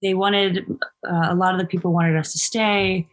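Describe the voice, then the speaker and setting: A woman's voice: on the low side, flat delivery, moderate pace. A woman musician, a guest on an interview podcast, telling her story in a hesitant, reflective way. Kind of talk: conversational interview.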